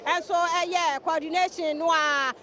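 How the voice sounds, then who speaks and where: A Ghanaian woman reporting from a busy outdoor station, interviewing passers-by and reading sponsor plugs and phone numbers in a brisk manner. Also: very high voice, fairly even intonation, pushed and bright, slight background noise. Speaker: street reporter and host. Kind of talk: vox-pop street interviews and sponsor announcements.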